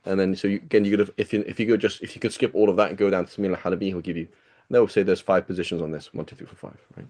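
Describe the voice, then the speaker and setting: A male teacher talks quickly through a reading with his students, chatty and digressive, often checking in with rhetorical questions. His voice sits fairly low and sounds mellow and dark. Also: little pitch movement. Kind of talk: casual classroom reading and explanation.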